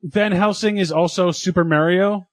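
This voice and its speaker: A man's voice: high-pitched, steady tone, normal speed, no room sound. A man co-hosting a casual movie podcast, making dry sarcastic quips. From Canada. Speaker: podcast co-host.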